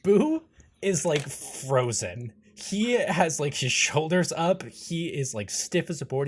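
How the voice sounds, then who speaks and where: Husky male game master, lively and laughing. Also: a little high, slow pace. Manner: animated, laughing. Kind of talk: narrating a tabletop game.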